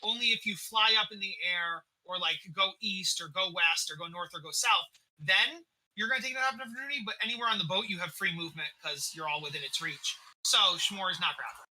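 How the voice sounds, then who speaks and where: A man's voice: sits high, fast talker, bright, forceful tone, low-quality recording. A man running an online tabletop game as dungeon master, patiently explaining rules and chuckling often. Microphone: desk mic.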